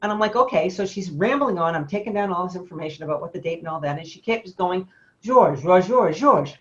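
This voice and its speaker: A woman's voice: on the low side, racing. Woman studio photographer rambling thru an old story, lots of ums and laughs, dull lo-fi audio. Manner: rambling, laughing anecdotes with many fillers. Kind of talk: casual storytelling on a webinar.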